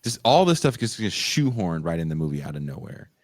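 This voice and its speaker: A man hosting a podcast, recapping a movie as an excitable storyteller who laughs often and bursts into high exclamations. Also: fairly quick, dry recording. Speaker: podcast host.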